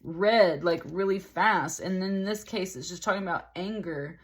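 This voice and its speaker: This tarot reader speaks at normal speed in a lowish female voice, with a little background noise in the recording. Her reading is casual and rambling, sprinkled with lots of "like" and occasional laughter.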